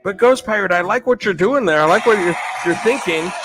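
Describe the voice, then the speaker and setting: A man's voice: high-pitched, fairly quick, loud music behind the voice. A man hosting a live stream, chatting in an upbeat way and thanking viewers. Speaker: livestream host.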